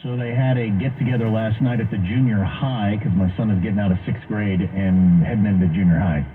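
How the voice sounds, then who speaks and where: A man's voice: lowish voice, fairly even intonation, brisk, a little hiss or hum. A man co-hosting a radio talk show, telling everyday stories in an easygoing way. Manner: easygoing storyteller, light laughs. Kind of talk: casual radio banter. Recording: tinny radio broadcast.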